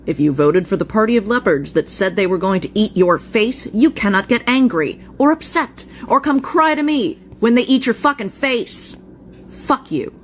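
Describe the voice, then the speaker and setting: A woman's voice: mid-range voice, expressive, moderate pace. A woman speaks bluntly and scornfully to camera in a mid-range voice. Faint background noise sits behind her. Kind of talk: angry monologue to camera.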